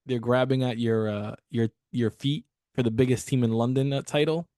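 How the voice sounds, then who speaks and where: A laid-back man in his own mid-pitched voice, ribbing his co-host during a casual football podcast. The sound is dry and close to the mic. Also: steady tone, moderate pace, dark tone, no room sound.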